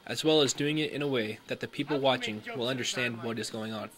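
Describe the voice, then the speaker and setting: A man's voice: medium pitch, fast, a crowd in the background. A man giving earnest scripted narration for a school documentary.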